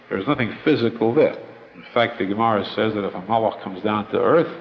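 A man giving a Torah lecture as a rabbi, explaining slowly with many pauses and restatements. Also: mid-range voice, big-room sound, lo-fi sound, slight background noise.

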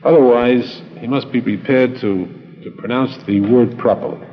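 Man giving a slow Torah lecture. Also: mid-range voice. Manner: deliberate, repeats phrases for emphasis, with Hebrew and Yiddish terms. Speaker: rabbi teaching Torah. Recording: dull lo-fi recording with long reverb and faint music.

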